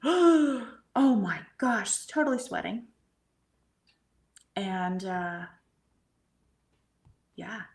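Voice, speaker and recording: Woman, middle-aged, low voice, gravelly, earnest storytelling, soft breathy asides. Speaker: guest medium and hypnotherapist. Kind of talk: casual storytelling conversation.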